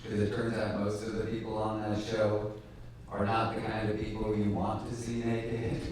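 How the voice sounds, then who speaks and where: A man's voice: fairly low pitch, monotone, normal speed, a little mellow. Man, 40s, stand-up comedian, wry, self-deprecating, heard from afar, very roomy sound. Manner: wry and self-deprecating, often laughing at his own jokes. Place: tiny dark performance room. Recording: echoey and distant, faint hiss.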